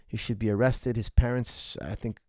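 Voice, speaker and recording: A man's voice: medium pitch, steady tone, moderate pace, mellow, dry recording, studio quality. A rambling, emphatic male coach. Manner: rambling and emphatic, with frequent restarts and asides. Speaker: martial arts coach answering viewer questions. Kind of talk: casual ask-me-anything chat.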